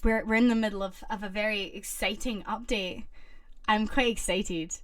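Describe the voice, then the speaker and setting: A young woman streamer chatting casually with viewers and reading stories aloud, excitable and reacting loudly. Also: mid-range voice, normal speed.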